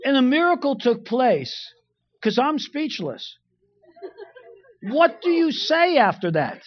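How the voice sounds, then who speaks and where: Animated high-voiced man preaching with jokes. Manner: animated, shouting punchlines, quick asides. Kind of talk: humorous sermon storytelling. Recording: dull lo-fi recording.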